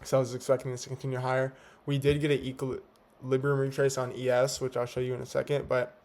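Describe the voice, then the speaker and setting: Speaking fast in a totally flat, medium-pitched voice with a darkish tone, a young man recaps his day of trading. He's a day trader at home at night, keeping it casual and full of slang, and teeth whitening strips give him a slight lisp.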